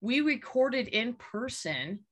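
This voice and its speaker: A woman's voice: fairly high pitch, slow pace. A woman in her late thirties co-hosting a podcast in casual chat, telling stories candidly and animatedly. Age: late 30s. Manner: candid, animated storytelling with laughs and profanity. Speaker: podcast co-host.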